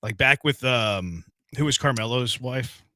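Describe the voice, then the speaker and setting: A man's voice: mid-range voice, measured pace, pushed and bright, no room sound. A man hosting a sports radio show, joking around in playful, casual banter with his co-host. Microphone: studio microphone.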